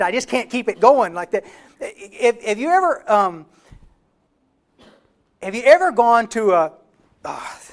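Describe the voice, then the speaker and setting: Fast-talking Texan man, high voice. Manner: fast-talking, folksy and emphatic. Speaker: recovery speaker. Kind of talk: recovery workshop talk. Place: workshop audience hall.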